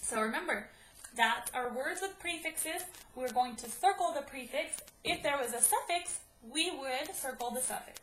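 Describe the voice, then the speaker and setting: A woman teaching a spelling lesson to children, speaking slowly and clearly and sounding out each syllable at a whiteboard. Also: high-pitched, expressive, fairly bright tone. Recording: echoey room, faint noise.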